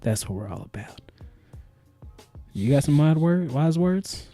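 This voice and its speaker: A man co-hosts a loose, profane podcast, and his voice jumps all over as he jokes. His tone is dark and mellow. Faint music sits underneath. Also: on the high side, measured pace. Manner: joking, profane, animated. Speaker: podcast co-host. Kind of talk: casual chat.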